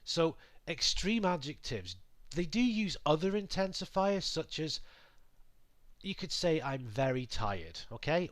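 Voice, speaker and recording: A man teaching English grammar to learners, patient and clear, with lots of example sentences. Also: mid-range voice, a bit bright, no room sound.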